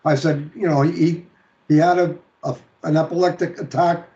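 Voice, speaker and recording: A man telling a friend's story as a show guest, halting and repeating words, laughing through grief. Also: on the high side, flat delivery, dark tone. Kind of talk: emotional storytelling. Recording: dull lo-fi stream audio.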